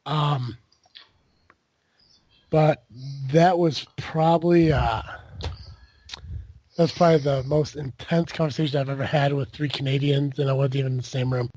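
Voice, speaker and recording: A man's voice: a little high, steady tone, measured pace, pauses often, a little mellow, slight background noise. A man hosting a podcast in casual chat, rambling with lots of fillers and the odd swear. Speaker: podcast host.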